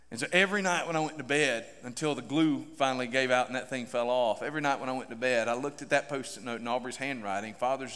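A middle-aged male pastor delivers a sermon with an animated, questioning style. His voice sits high for a man. The sound carries a long reverb from a large church hall. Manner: animated, direct questions to the congregation.

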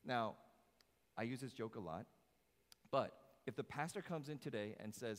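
A pastor preaching a sermon, animated, jumping from loud emphasis to quiet low phrases and putting questions to the congregation. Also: male voice, moderate pace, long pauses. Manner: animated, swings between loud emphasis and soft low lines; asks the congregation questions, jokes. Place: church sanctuary. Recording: long hall reverb.

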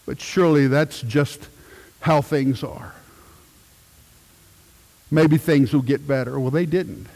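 A middle-aged man, a pastor, preaching a sermon with emphatic swells and hushed moments. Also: mid-range voice, takes it slowly, gravelly, long pauses, long reverb tail.

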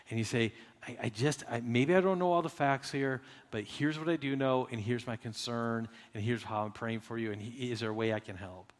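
A pastor preaches a sermon in a conversational way, acting out the voices he quotes. His voice is mid-range with a fairly bright tone, and it carries a big-room sound.

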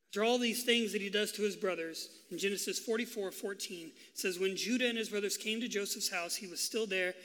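A man preaching a sermon as pastor, telling the story with lively, acted-out quotes. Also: high voice, big-room sound. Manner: animated storytelling, acting out voices in quotes.

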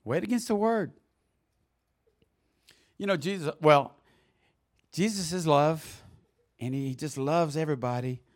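A man preaching a sermon in a church, swinging from soft reflection to loud exclamations. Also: on the high side, unhurried, long pauses. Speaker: pastor. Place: church sanctuary.

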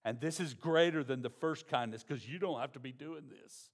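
A pastor, preaching a sermon in a conversational, folksy way. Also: male voice, medium pitch, moderate pace.

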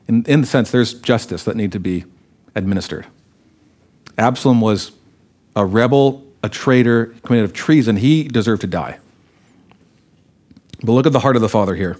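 A man's voice: on the low side, animated, moderate pace, long pauses, a little mellow. A man, a pastor, preaching a sermon and reading scripture aloud expressively, acting out the quoted lines.

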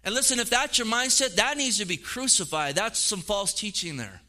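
Speaking at normal speed in a high voice, a middle-aged male pastor gives a spirited sermon. He dramatizes quoted voices and repeats words as he preaches.

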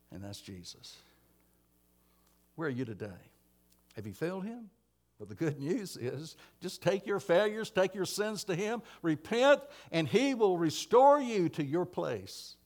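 Man preaching to a church congregation, high-ish voice, dramatic drops to near hush. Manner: dramatic swings from emphatic to hushed. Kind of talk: sermon.

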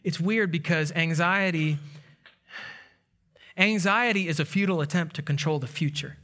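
Bright, high-voiced preaching man. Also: moderate pace. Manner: storytelling with animated quoted voices. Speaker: pastor. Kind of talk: sermon.

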